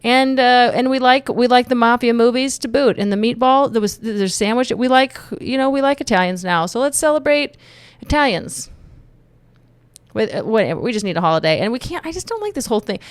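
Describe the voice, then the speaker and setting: A woman's voice: on the high side, animated, fairly quick, clean tone, no room sound. A woman from Texas giving her opinions in a casual vlog, joking and rambling with many restarts. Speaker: YouTube commentator.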